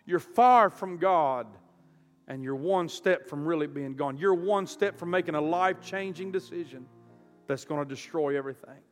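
Impassioned high-voiced preacher. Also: male voice, moderate pace. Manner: impassioned, surging from quiet to loud. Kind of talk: storytelling sermon. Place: church auditorium. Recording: reverberant hall with soft music.

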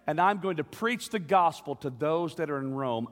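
High, lively preacher in an echoing hall. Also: male voice, moderate pace, hardly any pauses. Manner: rhythmic call-and-response preaching, building to shouts. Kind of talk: sermon. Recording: long hall reverb.

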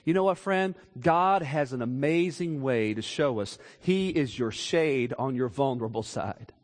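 A man preaching a sermon, moving from quiet storytelling to raised, emphatic declarations. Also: mid-range voice, animated, unhurried. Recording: long hall reverb.

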